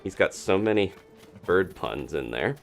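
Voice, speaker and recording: Low-voiced man chatting over gameplay. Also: sing-song, a little slow, creaky, faint music behind. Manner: chatty and upbeat, laughs often, greets chat. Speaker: streamer. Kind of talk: casual live-stream gameplay commentary.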